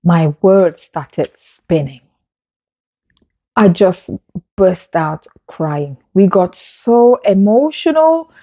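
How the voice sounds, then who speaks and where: A woman's voice: medium pitch, expressive, very slow, highs cut off. A woman vlogger telling a personal story to camera in an earnest, emotional way. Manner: earnest, emotional retelling with acted-out dialogue. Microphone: phone.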